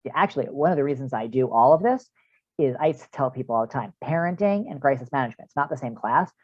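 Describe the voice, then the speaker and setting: Speaking quickly and huskily in a mid-range voice full of lively intonation, a man counsels parents through a practical online workshop over a video call, chatting casually and using many fillers. The recording is dry and dull.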